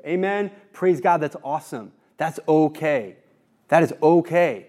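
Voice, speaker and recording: A man giving an earnest, exhorting faith talk to a group, reading scripture slowly and repeating words when excited. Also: fairly high pitch. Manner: reads scripture slowly and deliberately. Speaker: speaker at a community talk.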